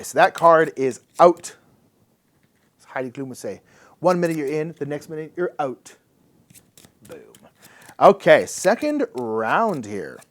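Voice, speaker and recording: Guy hosting a board game play-through, chatty and upbeat, voice bouncing all over, kinda high. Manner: chatty, thinks aloud while explaining rules; upbeat and playful. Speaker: board game channel host.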